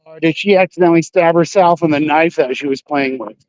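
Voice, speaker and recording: Out on city streets at night, a male livestreamer with a high voice chats casually to his stream, talking a little fast and rambling with lots of swearing and filler words. His tone is a little mellow, and the sound is dull, lo-fi, dry and close, with no room sound.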